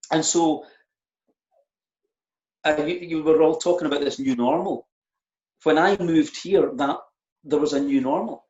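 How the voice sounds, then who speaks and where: A man's voice: mid-range voice, darkish tone. Middle-aged male minister, echoey lo-fi call. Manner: open, reflective, halting with repeated words. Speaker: church minister. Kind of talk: candid conversational interview. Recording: echoey, dull lo-fi audio.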